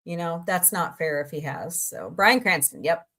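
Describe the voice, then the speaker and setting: A woman's voice: fairly low pitch, very animated, moderate pace, fairly bright tone. A woman hosting a casual live stream, chatting and joking with viewers about movies and reading their comments. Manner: chatty, jokey, reads and answers viewer comments. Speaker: livestream host.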